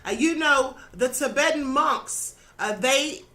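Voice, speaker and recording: A woman's voice: high voice, takes it slowly, sharp tone. A woman hosting her own channel, giving an earnest spiritual teaching monologue with many asides to the listener and a voice that is starting to go. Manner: earnest, instructive, adds "okay?" and "you know". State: slightly losing her voice.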